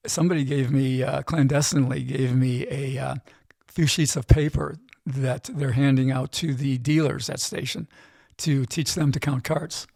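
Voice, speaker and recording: A middle-aged man, a gambling expert guest, telling an animated story in casual interview chat and often tagging his lines with "right?". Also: medium pitch, normal speed, gravelly, no echo, studio quality.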